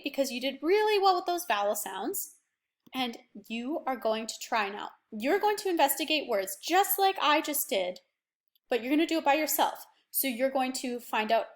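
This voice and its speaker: A young woman with a fairly high voice teaches a remote phonics lesson to children. She is patient and encouraging. She sounds words out slowly, bit by bit. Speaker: primary school teacher.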